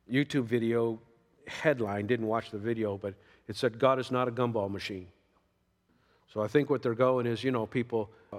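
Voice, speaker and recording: A man's voice: medium pitch, in a large hall. A man preaching a sermon in a folksy way, reading scripture and acting out quoted voices. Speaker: pastor.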